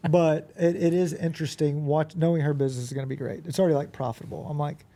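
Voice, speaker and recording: A man who is a podcast guest, telling animated anecdotes in a casual conversation and often acting out quoted dialogue. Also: fairly high pitch, fast. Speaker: podcast guest, business owner.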